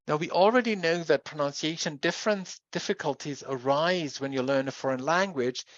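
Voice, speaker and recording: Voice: medium pitch, moderate pace, no room sound. Lecturer, dull recording. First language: German. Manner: explanatory, spells out sounds and examples. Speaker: university lecturer.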